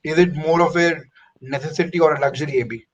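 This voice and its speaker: A man's voice: fairly high pitch, quick pace, dull audio. A man hosting a casual football discussion, posing questions to his co-hosts. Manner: questioning, conversational. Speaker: podcast host.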